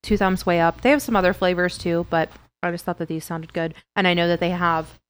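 A woman's voice: lowish voice, steady tone, fairly quick, smooth. A young woman co-hosting a podcast, chatting casually and trailing off with fillers. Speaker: podcast co-host. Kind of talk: casual chat.

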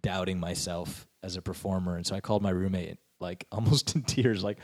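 A young man, a comedian and actor, telling stories in a casual podcast chat, jumping into high voices to act out quotes. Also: normal speed, dry recording, clean studio sound. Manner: animated storyteller, acts out quotes in high voices.

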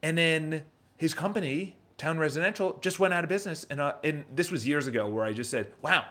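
A man's voice: fairly high pitch, fairly quick, fairly bright tone. A man in his thirties with a New York accent, hosting a casual motivational livestream, emphatic and repetitive, with a lot of rhetorical questions. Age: 30s. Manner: emphatic, repeats himself, asks rhetorical questions. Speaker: livestream host.

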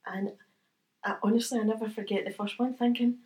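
A middle-aged Scottish woman chats through her stories in a relaxed interview. She is a medium by trade. She tells her tales with energy, often putting on the voices of the people in them and breaking into laughter. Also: mid-range voice, brisk. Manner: chatty, animated anecdotes with quoted voices and laughter. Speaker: guest, medium. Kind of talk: casual interview storytelling.

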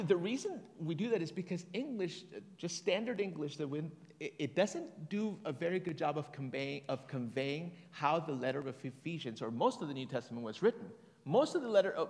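A fairly high-voiced man preaches a sermon in an easygoing, conversational way, with fillers and restarts along the way. When he reads scripture, he slows to a deliberate pace. His voice rings out with a long reverb tail, as if it fills a large hall. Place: church hall.

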